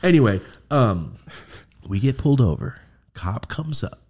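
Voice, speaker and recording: A young man chatting casually and swearing freely, telling a funny story with laughs and quick put-on voices for the people in it. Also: medium pitch, very animated, darkish tone. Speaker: guest storyteller. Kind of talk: casual podcast chat.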